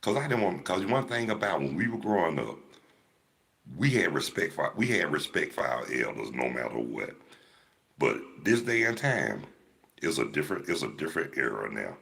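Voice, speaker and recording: A man's voice: rumbling low, sing-song, moderate pace, gravelly, fairly bright tone. An older man, chatting to a live audience in a laid-back, rambling storytelling way. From Georgia, US. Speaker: livestream host. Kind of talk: casual storytelling to live chat.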